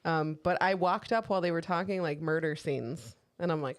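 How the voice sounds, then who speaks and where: A woman's voice: low voice, normal speed. A woman co-hosting a podcast, telling candid stories in casual chat with plenty of swearing. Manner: candid, swearing storyteller who quotes herself. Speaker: podcast co-host.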